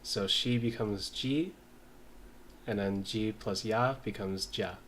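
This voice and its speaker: Slow low-voiced man studying aloud. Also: fairly bright tone, slight background noise. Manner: slow, mumbling while writing, sounds out words. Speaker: language learner. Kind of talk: casual study session, reading and writing aloud.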